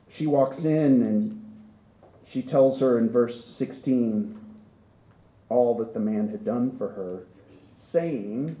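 Earnest male pastor, dark echoey hall. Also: mid-range voice. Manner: earnest, building to impassioned emphasis. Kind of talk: sermon.

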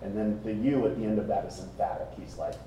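A man preaching a sermon to a congregation, conversational and animated, often asking the room rhetorical questions. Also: on the low side, fast talker. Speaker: pastor. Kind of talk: expository sermon. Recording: very echoey room, speaker distant from mic.

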